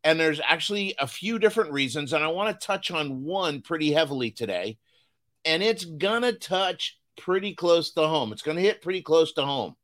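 A man hosting a business podcast, giving an energetic motivational talk and repeating phrases for emphasis. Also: on the high side, normal speed. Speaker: business coach and podcast host.

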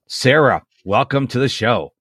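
A man's voice: medium pitch, lively intonation, unhurried, fairly bright tone, slightly rough, no room sound, clean studio sound. An American man hosting a podcast, chatting casually and eagerly, often repeating himself. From Rochester, New York. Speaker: podcast host. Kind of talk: casual interview chat.

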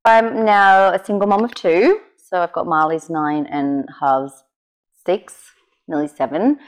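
A woman's voice: fairly low pitch, measured pace. Chatty woman guest, lots of "yeah". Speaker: podcast guest. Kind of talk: casual chat.

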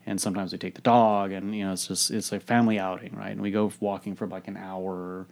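A man with a fairly low voice tells a candid personal story. He sounds frank and reflective and swears freely as he works through what went wrong, speaking like a coach sharing a lesson. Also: flat delivery, brisk, creaky, darkish tone.

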